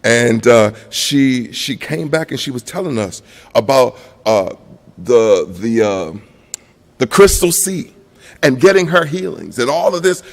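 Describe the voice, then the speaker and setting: A man, a guest pastor, preaching a sermon as a personal story that climbs to high emotional peaks and then drops quiet. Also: vocal fry. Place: church sanctuary. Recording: long church reverb.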